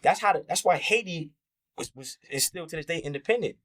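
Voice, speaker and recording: A man's voice: a little high, animated, fairly quick, bright, forceful tone. A man talking as an interview guest in a heated, candid conversation, impassioned and profane, acting out the voices he quotes.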